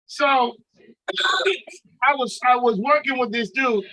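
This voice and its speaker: Bright-voiced man telling a rowdy story. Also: very high-pitched, slow pace, poor audio. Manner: animated, profane, acts out dialogue. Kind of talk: casual storytelling.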